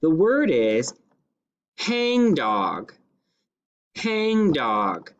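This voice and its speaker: A male teacher leading a phonics lesson, sounding out each word slowly and deliberately. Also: on the high side, huge pitch swings. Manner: slow, deliberate sounding-out of words. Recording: slightly dull lo-fi classroom recording.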